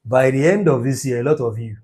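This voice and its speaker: Speaking a little fast with a breathy edge and medium pitch, a man lectures on numerology. He delivers it like an emphatic motivational preacher, his voice climbing almost to shouting.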